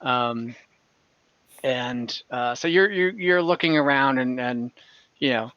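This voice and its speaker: A man's voice: mid-range voice, slow, bright, forceful tone, no room sound, muffled recording. A man acting as dungeon master, describing a town at length with many fillers and restarts. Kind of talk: narrating an online tabletop game. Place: online call from home.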